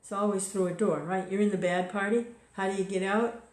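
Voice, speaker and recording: A woman's voice: mid-range voice, steady tone, a little fast. A woman giving an informal devotional talk in a conversational way, full of "you know" and small restarts. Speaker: devotional speaker. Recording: echoey room recording.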